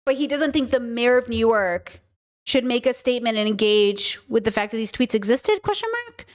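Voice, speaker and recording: High-voiced woman streamer, emphatic. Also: fairly even intonation, normal speed. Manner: emphatic, rhetorical questions, many fillers. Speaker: streamer reacting to clips. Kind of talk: casual live-stream commentary.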